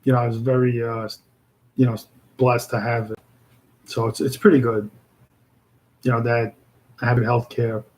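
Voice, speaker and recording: A man with a Brooklyn accent hosts a casual livestream, talking straight to his viewers. His voice sits at an ordinary middle pitch. He rambles in a friendly way, circling back with plenty of fillers and restarts. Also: little pitch movement, normal speed, long pauses, darkish tone, rough recording. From New York. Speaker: livestream host chatting with viewers. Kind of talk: casual live chat.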